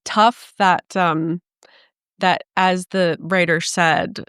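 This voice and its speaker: A woman co-hosting a podcast in relaxed casual chat, speaking haltingly with fillers. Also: on the low side, smooth, no room sound, studio quality. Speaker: podcast co-host.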